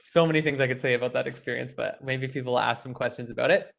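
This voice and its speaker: A young man teaching an online puppetry workshop, talking animatedly and breaking into quick puppet voices. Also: medium pitch, steady tone, gravelly. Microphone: video call. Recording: dull lo-fi online call audio.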